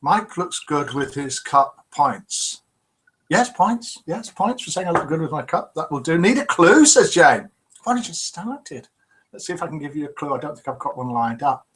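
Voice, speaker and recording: A man hosts a live chat show, reading out viewers' comments one after another and telling jokes. His voice sits a little high for a man, and his manner is chatty and teasing. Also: sing-song, moderate pace, fairly bright tone.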